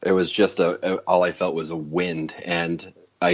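A young man and new father telling stories in casual podcast chat, halting and full of fillers. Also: low-pitched, level tone. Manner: halting, filler-heavy storytelling. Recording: dull lo-fi sound.

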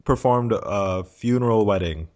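A man's voice: lowish voice, unhurried, darkish tone, dry recording. A man co-hosting a podcast in casual chat, making dry joking asides. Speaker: podcast co-host.

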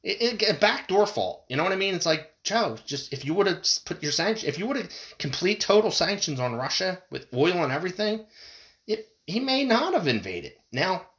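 A man giving a heated, profane solo commentary, jumping between loud bursts and low mutters. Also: very animated, moderate pace.

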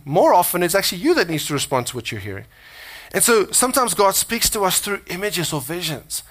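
A man preaching a conversational sermon as a pastor, earnest and animated, often restarting and repeating words as he talks. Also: high voice.

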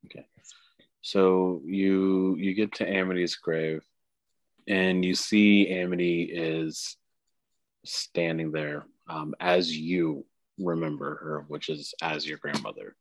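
A man running a tabletop game, narrating in a deep, slow voice with many pauses and fillers. The sound is dry and close. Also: fairly even intonation, no room sound. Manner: hesitant, filler-heavy narration. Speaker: game master.

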